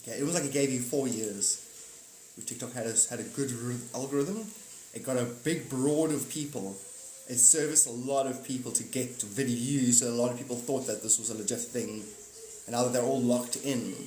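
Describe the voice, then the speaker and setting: A man with a medium-pitched, darkish voice hosts a casual live stream, rambling, joking, swearing now and then, and putting on silly voices. The room is echoey with faint background noise.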